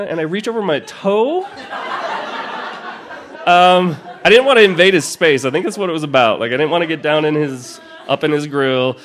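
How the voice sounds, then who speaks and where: A man's voice: on the high side, a little hiss or hum. A man telling a personal story live, rambling and self-deprecating, with many restarts and asides.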